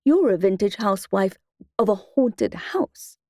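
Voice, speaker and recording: A woman reading an audiobook, voicing a tired, worried husband who jokes gently, in a quiet, slightly lowered voice. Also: lively intonation, unhurried, dry recording, clean studio sound. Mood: mock serious. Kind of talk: audiobook character voice.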